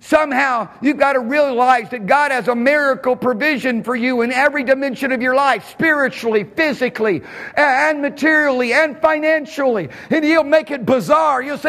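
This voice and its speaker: A man preaches a sermon at a church service with fervent energy, breaking into sudden shouts, then dropping to a low hush, and chuckling between phrases. He speaks at a normal pace, and a long reverb tail trails his words.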